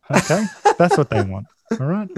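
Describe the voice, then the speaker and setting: A man co-hosting a podcast, recapping a film in deadpan sarcasm and mock outrage. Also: sits high, slightly rough, dry recording. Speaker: podcast co-host.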